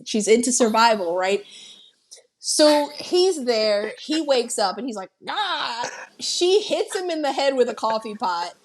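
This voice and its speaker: A woman co-hosting a podcast, retelling a film scene in an animated, profane way. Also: a little high, slight background noise. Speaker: podcast co-host. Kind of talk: casual film discussion.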